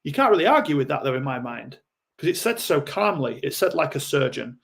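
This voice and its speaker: A man's voice: on the high side, big pitch swings, a little fast, gravelly, a bit bright. A man speaking as a guest in a podcast interview, explaining ideas bluntly and acting out short quoted lines. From United Kingdom. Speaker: guest coach.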